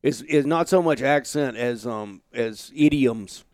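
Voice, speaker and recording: An easygoing man telling stories as a podcast guest. His voice is smooth and resonant at a middle pitch. The recording is dry and close. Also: measured pace, no room sound. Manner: easygoing, storytelling. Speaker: guest, outdoor journalist. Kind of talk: casual conversation. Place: home office.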